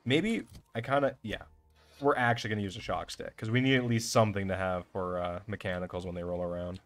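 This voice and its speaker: A young man giving casual, excitable gameplay commentary, swearing often and talking to himself as he plays. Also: low voice, fairly quick. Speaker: let's play gamer.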